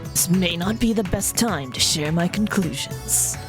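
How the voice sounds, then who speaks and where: A woman's voice: fairly low pitch, a little slow, music in the background, lightly acted. A woman voicing a worried, formal townswoman as she reads game dialogue aloud, with dramatic, old-fashioned phrasing.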